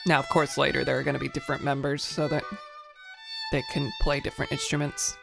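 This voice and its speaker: A woman's voice: very deep voice, flat delivery, fairly quick, gravelly, music in the background. A young adult woman streamer giving casual gaming commentary with chatty, wry asides.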